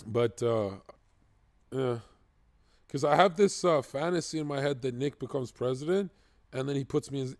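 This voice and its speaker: A man streaming live, reacting to clips with excitable, profane, joking rants. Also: mid-range voice, dry recording.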